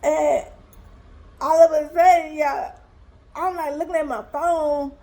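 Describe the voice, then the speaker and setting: A young woman telling a personal story to her viewers in a casual, animated, emotional way. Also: high voice, takes it slowly. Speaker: vlogger.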